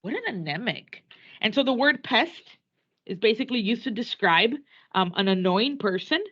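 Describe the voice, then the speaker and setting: A woman teacher with a bright, fairly high voice lectures her class in an animated way, switching between English and Spanish. She is recorded in a classroom. The sound is dull and lo-fi. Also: normal speed.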